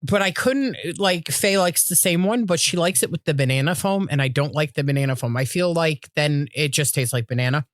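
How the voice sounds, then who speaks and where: A woman's voice: low-pitched, a little fast, hardly any pauses, dry recording, studio quality. A woman, co-hosting a podcast and telling rambling, profane stories in casual chat. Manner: rambling storyteller, swears freely, acts out voices. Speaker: podcast co-host.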